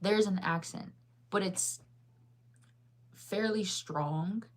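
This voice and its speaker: A streamer in her thirties from the United States, with a faint Midwestern accent, answers viewer chat in a casual, rambling way full of fillers and laughter. Her mid-range voice takes things slowly.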